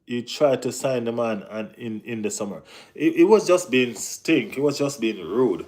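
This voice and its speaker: A man hosts a relaxed live stream about football. He talks in an animated, slangy way, often circling back to the same phrase. His voice sits at an ordinary middle pitch for a man. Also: normal speed. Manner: animated, slangy, repeats himself. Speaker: football channel host. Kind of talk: casual live-stream chat.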